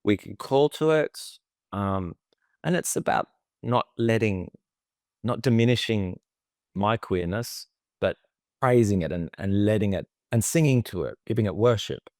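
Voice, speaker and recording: A man's voice: fairly low pitch, expressive, a little slow, a little mellow, no room sound, studio quality. A man, co-hosting a podcast as a therapist and telling a personal story in an emotive, chatty way. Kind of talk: casual conversation.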